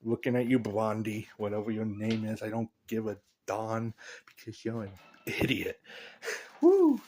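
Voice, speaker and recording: A man's voice: on the low side, level tone, normal speed, a little mellow, a little hiss or hum. A man vlogging a casual, rambling opinion rant, joking and laughing at his own lines.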